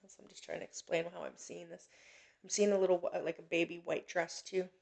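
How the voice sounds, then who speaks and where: A woman giving a live psychic reading in a gentle, reassuring way. Her voice is gravelly with a fry and stays fairly flat in pitch. She talks haltingly, with frequent fillers and restarts. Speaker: psychic medium host. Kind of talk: live-stream reading, casual chat.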